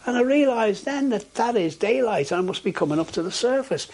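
Husky older man recounting. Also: sits high, brisk. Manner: animated storytelling with frequent hesitations. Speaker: interviewee. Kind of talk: oral history recollection.

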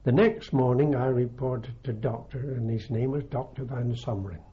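An older man with a halting, unhurried way of talking, full of ums and restarts, recalling his army days in an oral history interview. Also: medium pitch, warm tone. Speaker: veteran interviewee. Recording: dull lo-fi archive tape.

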